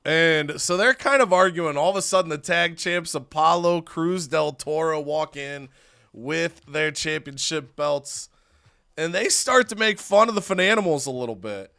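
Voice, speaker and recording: A young man narrating a wrestling management game as an animated storyteller. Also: fairly high pitch, normal speed, gravelly, clear, resonant tone. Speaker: gaming youtuber. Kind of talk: let's-play storytelling narration.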